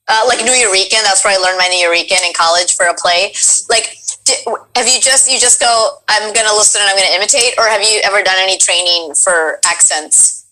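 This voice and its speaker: A voice actress chatting casually and playfully, asking another actor questions. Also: female voice, medium pitch, sharp tone, rough recording. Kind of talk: casual chat.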